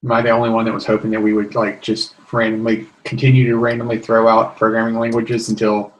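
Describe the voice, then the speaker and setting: A man's voice: fairly low pitch, monotone, fast, low-quality recording. A man co-hosting a casual tech podcast, joking playfully and reading out the show's sign-off. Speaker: podcast co-host.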